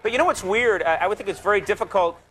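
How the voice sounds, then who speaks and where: A man's voice: high voice, racing, fairly bright tone, slight background noise. A man hosting a talk show, bantering and joking with his guest.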